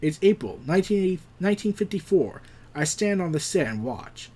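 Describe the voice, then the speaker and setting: Man, high voice, very animated pitch, casual comic recap, sarcastic asides. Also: a little fast. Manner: retells the plot, acts out quotes, adds sarcastic jokes. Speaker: comic book reviewer.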